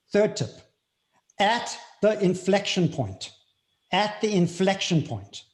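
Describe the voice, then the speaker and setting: A man with a South African accent talks as an interview guest, earnest and reflective. His voice sits fairly high for a man, and he often repeats his key phrases to drive them home. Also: darkish tone.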